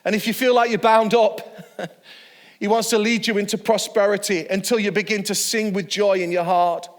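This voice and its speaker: High-voiced pastor preaching in a hall. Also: male voice, steady tone, moderate pace. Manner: warm storytelling with chuckles. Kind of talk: online church sermon.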